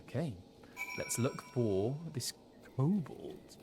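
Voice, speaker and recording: A man's voice: mid-range voice, lively intonation, takes it slowly, background noise. A man giving casual, playful gameplay commentary, musing aloud to himself. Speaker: streamer playing a game.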